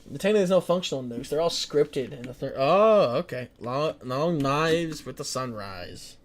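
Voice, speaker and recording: A man's voice: on the high side, expressive, moderate pace. A man streaming a strategy game in a casual way, reading the game's text aloud, stumbling over words and joking in between. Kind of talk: strategy game livestream commentary.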